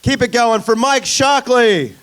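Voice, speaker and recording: Emcee, man, very high lively voice, faint crowd behind, heard from afar. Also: measured pace, a little hiss or hum. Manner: hypes the crowd. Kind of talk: introducing comics.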